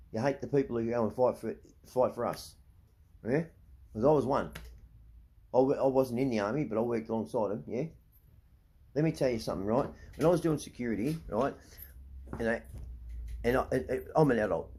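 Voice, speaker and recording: Blunt, profane and indignant, the middle-aged Australian man vents at the camera, tossing in "right?" again and again. His mid-range voice has a mellow quality.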